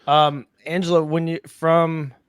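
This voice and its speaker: A man's voice: a little high, level tone, measured pace, clear, resonant tone, dry recording, studio quality. A man co-hosting a podcast, asking questions with playful joking asides. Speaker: podcast co-host. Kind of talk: casual podcast chat.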